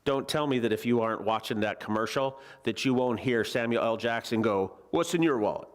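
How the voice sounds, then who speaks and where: A man's voice: medium pitch, fairly even intonation, brisk, smooth. Chatty male preacher in a church. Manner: chatty, joking, asks the congregation questions. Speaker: preacher, Bible teacher. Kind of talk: conversational sermon. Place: church sanctuary.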